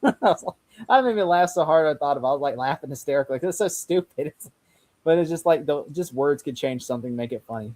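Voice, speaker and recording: A man's voice: on the high side, animated, fast, darkish tone. A young man chatting casually on a podcast, rambling, laughing often and acting out lines he quotes. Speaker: podcast host. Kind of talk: casual chat.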